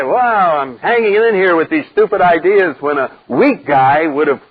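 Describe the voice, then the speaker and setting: An older man speaking to a live recovery group, blunt and wry, acting out the voices he quotes in a lively way. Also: fairly high pitch. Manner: animated storyteller who acts out quoted voices, wry and blunt. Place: meeting room with a live group. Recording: dull lo-fi 1990s cassette recording.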